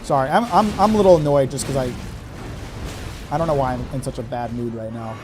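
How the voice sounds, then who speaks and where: A man's voice: mid-range voice, a little fast. A man streaming a hard game, commenting on his play in frustration, swearing and talking to himself. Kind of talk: live gameplay commentary. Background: game music.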